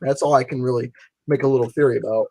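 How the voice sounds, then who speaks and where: A man co-hosting a casual podcast chat, excitable and prone to swearing, acting out reactions. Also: mid-range voice, quick pace, no echo. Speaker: podcast co-host.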